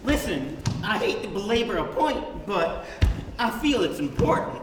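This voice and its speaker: A man improvising a gloomy male fish who talks in a mopey, deliberate way, on a stage in an echoey hall filmed from far off. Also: high voice, very animated, very noisy. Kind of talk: improv comedy scene.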